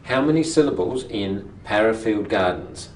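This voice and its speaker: A language teacher explaining syllable stress to a class, modelling words slowly and deliberately, and prompting students with short questions. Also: mid-range voice, lively intonation, a little hiss or hum.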